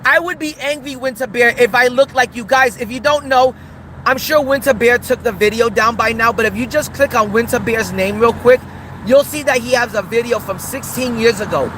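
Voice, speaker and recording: A man's voice: very high-pitched, moderate pace, a bit bright, a little hiss or hum, rough recording. A man hosting a livestream, ranting in a taunting, mocking, repetitive way. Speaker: streamer host. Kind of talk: livestream rant.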